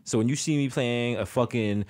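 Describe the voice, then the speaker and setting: A man's voice: mid-range voice, moderate pace, very noisy. A man with a New York accent, co-hosting a comedy podcast in casual, profane, riffing banter. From the Bronx, New York. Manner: profane, riffing, jokey asides. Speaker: podcast co-host.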